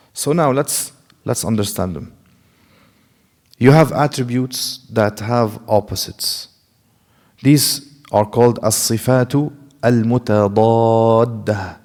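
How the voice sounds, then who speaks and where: In a class lecture, a man teaches Quran recitation, posing questions and answering them himself. He demonstrates Arabic sounds slowly, step by step, in a fairly low, creaky voice.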